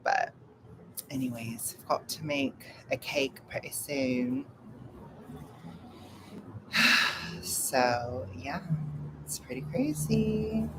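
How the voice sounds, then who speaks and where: A man's voice: mid-range voice, steady tone, very slow, pauses often, background noise. A young man rambling casually at home in a live-stream vlog, laughing often and making fun of himself. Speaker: vlogger.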